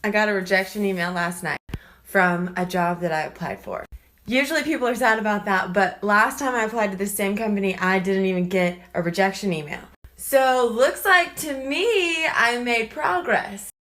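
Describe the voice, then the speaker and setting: Deadpan woman, wry, mid pitch. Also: normal speed. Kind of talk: storytime video.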